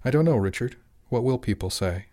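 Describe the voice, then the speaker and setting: A man voicing a calm, patient mother who speaks gently but with a firm edge. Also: mid-range voice, fairly quick, dry recording, studio quality, natural voice.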